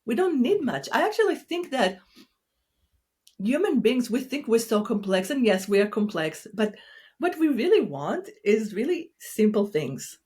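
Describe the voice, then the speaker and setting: A woman therapist speaking in a gentle, soothing, unhurried way during a reflective conversation. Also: fairly high pitch, sing-song.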